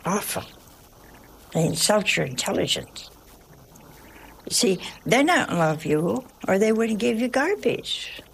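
Woman preacher, gravelly voice, emphatic and homespun, given to funny anecdotes and hushed asides. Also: mid-range voice, sing-song, slow pace, pauses often, slight background noise. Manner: humorous storytelling. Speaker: religious teacher. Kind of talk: folksy sermon with anecdotes.

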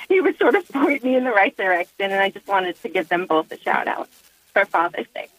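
A woman calls in to a radio show from her car and speaks hesitantly with many fillers. Her voice is bright and sharp, and the sound comes over a dry phone line. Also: medium pitch, big pitch swings, a little fast, dry recording. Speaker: caller. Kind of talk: phone-in call.

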